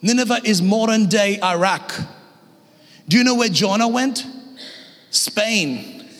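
An Australian man preaching a lively sermon as guest pastor, humorous and energetic, shouting at the peaks. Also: high-pitched, normal speed. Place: church hall. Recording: long church hall reverb.

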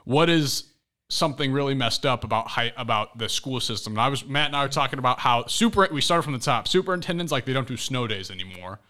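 A young man hosts a podcast in casual chat. His voice is bright and forceful, and he tells stories with animated, excitable energy. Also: mid-range voice, quick pace. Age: young adult. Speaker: podcast host.

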